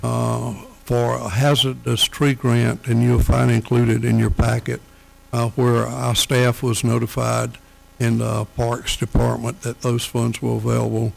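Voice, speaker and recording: A man presenting finance committee items at a county council meeting, talking haltingly with many fillers. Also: mid-range voice, completely flat delivery, vocal fry, a little hiss or hum, low-quality recording.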